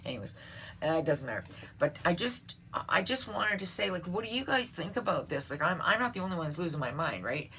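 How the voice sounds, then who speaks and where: A middle-aged woman with a lowish voice vents in a casual home vlog. She swears freely, sounds exasperated and laughs between thoughts. A faint hum of room noise sits under her voice. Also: sing-song, a little fast, pushed and bright. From Canada. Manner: exasperated, profane, laughs often. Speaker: vlogger. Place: at home, seated.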